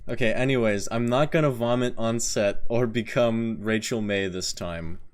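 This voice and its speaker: A man's voice: mid-range voice, normal speed, clean tone. A man streaming a game, chatting casually and joking as he reacts to his viewers. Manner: excitable, joking, reacting to chat. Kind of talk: casual live-stream chat.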